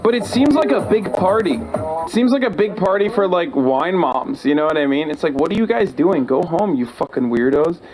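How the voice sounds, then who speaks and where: A man's voice: on the high side, expressive, moderate pace, over music, rough recording. A man trading sarcastic, mocking jokes in casual podcast banter.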